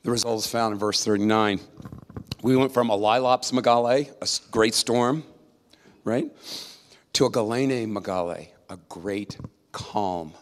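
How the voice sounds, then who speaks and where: Lower-voiced man preaching in a hall. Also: unhurried. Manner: conversational, emphatic, with tag questions. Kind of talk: sermon. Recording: long reverb of a large hall.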